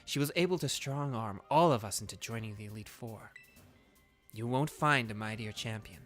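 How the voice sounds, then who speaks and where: A man doing a low, cool woman judge. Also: moderate pace, faint music behind, lightly acted. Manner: lower, soft put-on voice with a put-on accent.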